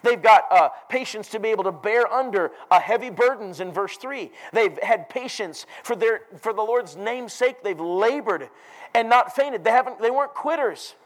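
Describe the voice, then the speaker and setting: A man preaching a sermon, emphatic and rising to loud declarations. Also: high-pitched, animated, moderate pace, rough recording.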